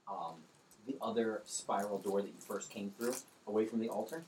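A man's voice: on the low side, fairly even intonation, moderate pace, a little mellow, a little hiss or hum, rough recording. A man running a tabletop game as game master, narrating casually with lots of fillers and laughs. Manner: casual, rambling, laughs easily.

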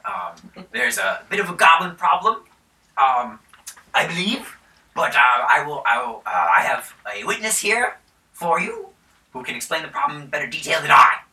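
A man's voice: fairly high pitch, big pitch swings, normal speed, creaky, sharp tone, voice pushed up, heavily acted. A man voicing a pompous middle-aged baron who hires adventurers, declaiming grandly. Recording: roomy sound from a distance.

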